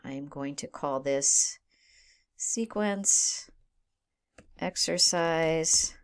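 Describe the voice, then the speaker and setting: A woman with a slightly low voice walks through a video-editing tutorial in a relaxed, conversational way. She thinks aloud as she works and keeps checking in with her listeners. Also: extremely slow, clean tone. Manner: casual, thinks aloud, checks in with frequent "right?". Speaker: instructor. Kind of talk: screen-recorded software tutorial.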